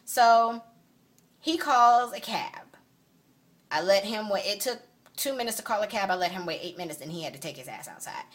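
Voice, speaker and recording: Woman vlogger, phone mic, sassy emphatic storyteller, middle-pitched voice. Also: expressive, normal speed. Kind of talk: casual storytelling vlog. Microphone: phone camera.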